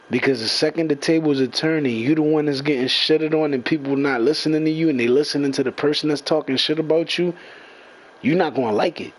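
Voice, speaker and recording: A man's voice: fairly high pitch, poor audio. A young man in an angry, profane rant, repeating himself and confronting the people talking about him. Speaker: gamer venting to followers.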